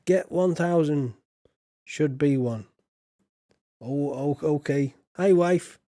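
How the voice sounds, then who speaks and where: A man's voice: on the high side, takes it slowly, dark tone, dry recording, studio quality. A man streaming a farming game, chatting in a rambling, jokey, homely way as a folksy farmer persona. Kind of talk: casual let's-play chat.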